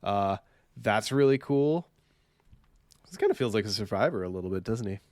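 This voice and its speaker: A man's voice: lowish voice, expressive, normal speed, a little mellow, dry recording. A man co-hosting a podcast, chatting casually about a card game with rambling, self-deprecating asides. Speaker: podcast co-host.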